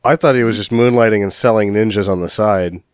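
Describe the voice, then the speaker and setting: A man co-hosting a podcast, making dry deadpan jokes in casual chat. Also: on the low side, fairly quick, clear, resonant tone, no room sound.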